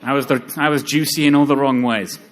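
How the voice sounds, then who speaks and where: A young man speaking at a live seminar, joking and self-deprecating, with lively asides to the audience. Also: mid-range voice, a little fast.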